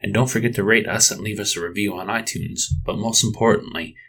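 A man's voice: fairly low pitch, fairly even intonation, fairly quick, fairly bright tone, a little hiss or hum. A man narrating a tabletop game as game master, loose and conversational, with frequent fillers. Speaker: game master and podcast host.

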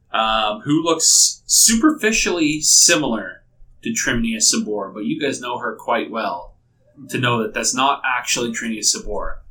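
A man narrating as game master, describing scenes in a loose, rambling way. His voice is bright and clear but set back from the mic. A faint hiss of room noise hangs behind him. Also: medium pitch, distant mic, poor audio.

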